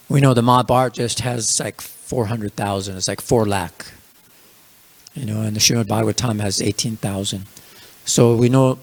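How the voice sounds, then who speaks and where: A man teaching a scripture class in a casual storytelling manner, with many fillers. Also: mid-range voice. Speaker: religious class speaker.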